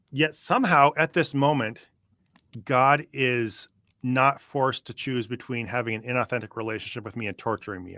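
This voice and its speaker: A man with a bright, forceful voice hosts a casual podcast, skeptical and dry as he thinks aloud. The sound is close and dry with no room around it. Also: mid-range voice, no echo. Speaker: podcast host. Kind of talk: casual podcast commentary, reading from a book.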